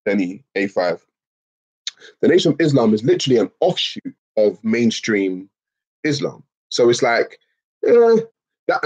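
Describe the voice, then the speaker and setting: A man's voice: mid-range voice, a little mellow, slightly rough, low-quality recording. A man with a Liverpool accent hosting a casual livestream, answering chat messages in a slangy, emphatic way and calling people bro and man. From England. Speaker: live stream host reading chat.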